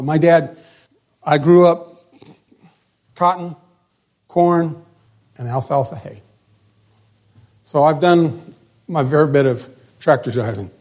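Emphatic preacher, a man. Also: fairly high pitch. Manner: emphatic, swings between loud stresses and quiet drops. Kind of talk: sermon.

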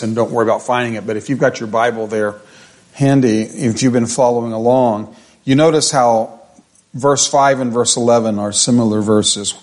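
A man leading a midweek Bible study, chatting with fillers and restarts, then reading scripture slowly and with deliberate emphasis. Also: mid-range voice, a little mellow.

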